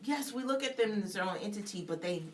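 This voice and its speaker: A woman's voice: medium pitch, expressive, fast talker. A woman shares a faith testimony as a radio guest, speaking emphatically. She builds her points with preacher-like repetition. She slips into the voices of the people in her story as she goes. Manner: emphatic, storytelling, acts out dialogue. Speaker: author and public speaker, guest.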